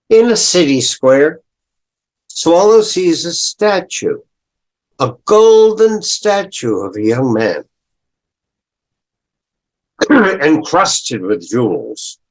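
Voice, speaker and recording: An older male professor retelling a story in a lecture, deliberate, clearing his throat and adding asides. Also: on the high side, sing-song.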